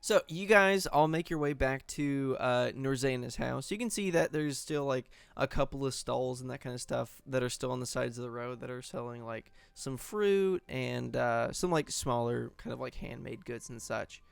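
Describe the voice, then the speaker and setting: Male game master, gravelly yet smooth, dry close sound, easygoing narration. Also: medium pitch, normal speed, few pauses, dry recording. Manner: relaxed, loose scene-setting with many fillers.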